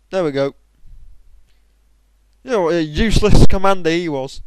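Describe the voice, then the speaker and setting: A young man giving excitable commentary over his own game, bursting into high shouts at times. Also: normal speed, pauses often, clear, resonant tone, dry recording, poor audio. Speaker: gamer. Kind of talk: gameplay commentary.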